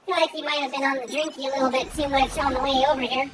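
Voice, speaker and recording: A woman's voice: high-pitched, fairly even intonation, rapid-fire, noisy background. A woman streaming a game, chatting casually and giggly as she plays. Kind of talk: casual gameplay commentary. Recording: game music playing underneath. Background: game music.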